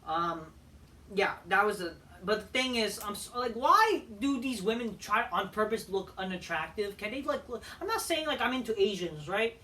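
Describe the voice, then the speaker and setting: Bright-voiced man ranting, far from mic. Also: sits high, lively intonation, moderate pace, slight background noise. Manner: profane, exasperated ranting. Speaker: wrestling show reviewer. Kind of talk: ranting video review.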